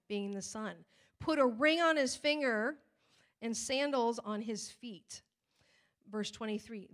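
A woman pastor preaching in a conversational, animated way, retelling a family story and scripture with acted-out quotes. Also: on the high side. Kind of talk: sermon with personal storytelling.

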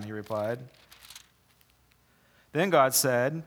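Joking casual pastor preaching. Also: male voice, mid-range voice. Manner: casual, joking asides between slow dramatic scripture reading. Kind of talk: sermon.

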